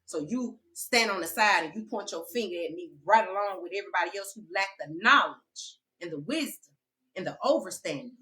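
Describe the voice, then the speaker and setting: A woman's voice: mid-range voice, animated, brisk, bright, forceful tone, low-quality recording. A woman giving a preachy spiritual vlog monologue as a self-described spiritual teacher, sassy and confrontational, repeating lines for emphasis. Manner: sassy, confrontational, slangy and direct.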